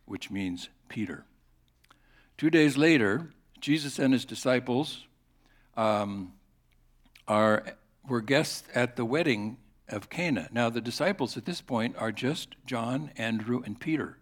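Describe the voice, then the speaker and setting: A pastor giving a sermon in a conversational, storytelling manner. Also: male voice, medium pitch, unhurried.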